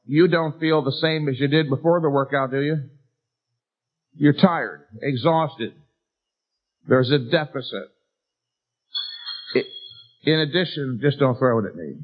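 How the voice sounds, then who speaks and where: A middle-aged man giving a bodybuilding seminar lecture, emphatic and lecturing, with rhetorical questions to a live audience. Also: fairly high pitch. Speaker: seminar speaker. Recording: tinny lo-fi 1990s lecture recording.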